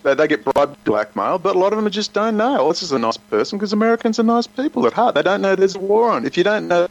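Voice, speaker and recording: A man's voice: high-pitched, expressive, fast talker, creaky. A man speaking as a guest in an emphatic, rambling conversational style, often slipping into quoted voices. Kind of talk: animated conversational commentary. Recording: muffled lo-fi audio.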